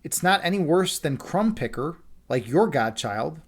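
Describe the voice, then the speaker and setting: A man's voice: fairly high pitch, animated, a little slow, husky, exaggerated voice. A man reading as a sly, scheming storybook cat. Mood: defensive. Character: scheming male cat, smooth and defensive.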